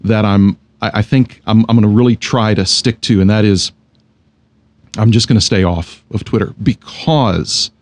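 A man's voice: on the low side, normal speed, a little mellow. Chatty self-deprecating male podcast co-host. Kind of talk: casual conversation.

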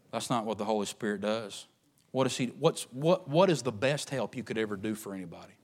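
A man preaching a sermon in a folksy, joking way, swinging from low and soft to loud, high shouting. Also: lively intonation, fairly quick.

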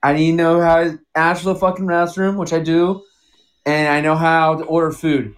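A man's voice: a little high, level tone, moderate pace. A man who is a guest on a casual live chat, joking in a laid-back, profane way.

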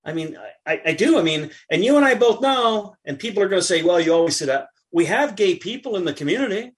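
Middle-aged man telling a story, high voice. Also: quick pace. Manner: animated anecdote telling with acted-out quotes. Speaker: podcast guest. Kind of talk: casual chat, storytelling.

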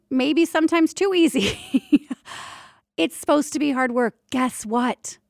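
High-voiced, gravelly woman telling birth stories. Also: no room sound, studio quality. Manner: animated, candid, playful, drops mild swears. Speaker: doula and prenatal yoga teacher. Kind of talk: casual storytelling monologue.

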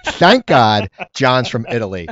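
A man hosting a casual chat, rambling and animated, often restarting his sentences. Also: mid-range voice, unhurried, muffled recording, slight background noise. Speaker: podcast host.

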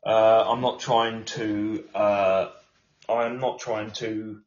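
A man's voice: lowish voice, flat delivery, slow, darkish tone. A man co-hosting a live podcast, casual and agreeable, hesitating with plenty of fillers. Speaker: podcast co-host. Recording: dull lo-fi sound.

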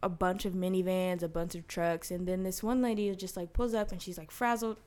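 A young woman in casual conversation, telling a story with frequent laughs and lively quoted voices. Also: fairly low pitch, fairly quick, smooth. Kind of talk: casual chat.

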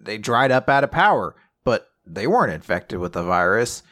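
A man voicing an earnest, calm female robot in a plain, matter-of-fact way. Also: lowish voice, moderate pace, pitched below the performer's own voice.

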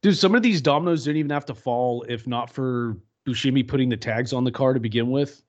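A man co-hosting a casual movie podcast, excitable and laughing often, swearing freely. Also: mid-range voice, fairly quick, lo-fi sound. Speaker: podcast co-host.

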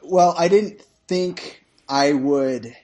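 A man's voice: a little high, extremely slow, darkish tone. A man guesting on a casual podcast, reading a jokey movie synopsis and laughing often. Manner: playful, laughs often, reads a mock trailer.

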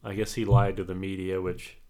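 A low-voiced man talking sports on a casual podcast. He rambles, hedges and stops to fill gaps with ums as he works through the story. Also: level tone, fairly quick, mellow. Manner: rambling, hesitant with many fillers. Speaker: podcast co-host.

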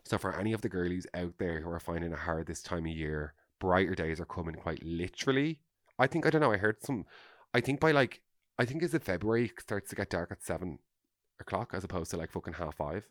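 A man's voice: sits low, animated, fairly quick, no echo, clean studio sound. A man hosting a podcast in casual chat, gushing and exclamatory, full of "amazing" and "oh my God". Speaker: podcast host.

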